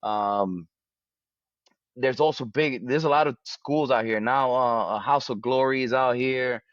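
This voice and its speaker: A man's voice: medium pitch, no echo. A man sits close to the mic, giving an interview in a casual way. He stumbles and restarts often and leans on fillers. The sound is dry and a little muffled. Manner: halting, many restarts and fillers. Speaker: wrestler, interview guest.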